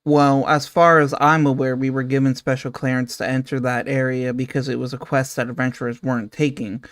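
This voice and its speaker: A man's voice: medium pitch, flat delivery, fairly quick, fairly bright tone, dry recording. A man playing a tabletop game, explaining his character's story at length. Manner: long-winded, explaining at length. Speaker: player. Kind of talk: in-character tabletop role-play.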